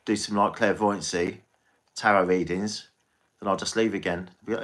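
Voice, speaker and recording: English man, rambling live-stream chat, bright forceful tone, swears a lot. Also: low-pitched, steady tone, moderate pace. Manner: rambling, chatty, swears freely. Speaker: tarot reader and livestreamer.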